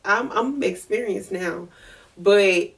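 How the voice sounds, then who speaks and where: Gravelly-voiced woman telling a story. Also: medium pitch, slow. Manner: chatty, animated, many fillers. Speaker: podcast host. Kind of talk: casual storytelling. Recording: voice distant from the mic.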